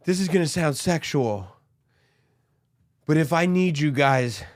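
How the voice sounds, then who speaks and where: Animated storytelling podcast man. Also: fairly high pitch, measured pace, dry recording, clean studio sound. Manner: animated storyteller acting out the people he describes. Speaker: podcast co-host. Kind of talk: casual chat.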